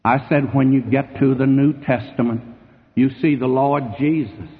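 Man, preacher, sermon, emphatic loud-and-soft delivery, tinny narrow sound, long hall echo. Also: medium pitch, fairly even intonation, normal speed. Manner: emphatic, sweeping swings between loud and hushed.

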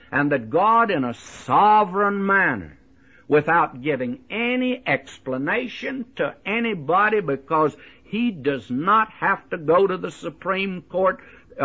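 A man's voice: a little high, pushed and bright, husky, lo-fi sound. A man teaching the Bible in sermon style, emphatic and folksy, often turning to the listener with "you see" and "my friend.".

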